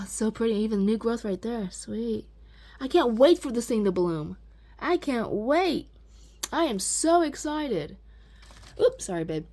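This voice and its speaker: A woman talking casually about her plants in a vlog, gushing and excitable, with a chatty, rambling manner. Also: fairly high pitch. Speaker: vlogger.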